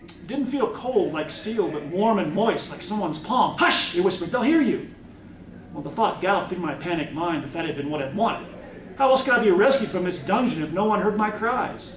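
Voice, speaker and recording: A man's voice: high-pitched, normal speed, a little hiss or hum. Man reading his novel aloud. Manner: expressive first-person narration. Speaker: author. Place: convention room. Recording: echoey room, mic from far off.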